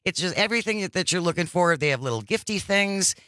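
Chatty bright-voiced male radio host. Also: sits high, animated, fast, dry recording, clean studio sound. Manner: chatty, enthusiastic promoter. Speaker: radio talk show host. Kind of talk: casual radio chat.

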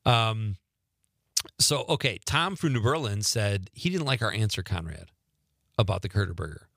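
A man's voice: lowish voice, lively intonation, normal speed, creaky, fairly bright tone, no room sound. Radio host guy, chatty, laughs a lot, dry studio sound. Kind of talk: casual radio talk. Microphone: studio microphone.

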